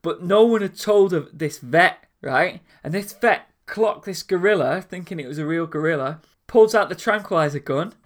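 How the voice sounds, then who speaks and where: A man telling anecdotes in a casual chat, animated and acting out the voices of people in his stories. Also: sits high, normal speed, few pauses.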